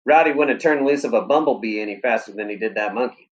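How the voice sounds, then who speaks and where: A man, a teacher, reading a novel aloud in a steady, plain storytelling manner. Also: medium pitch, fast talker, dull audio.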